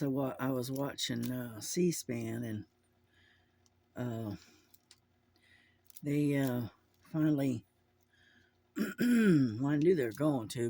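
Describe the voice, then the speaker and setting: A man's voice: medium pitch, mellow. A man chatting casually to his camera at home, rambling with lots of fillers and restarts. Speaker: vlogger. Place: at home indoors. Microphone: camera mic.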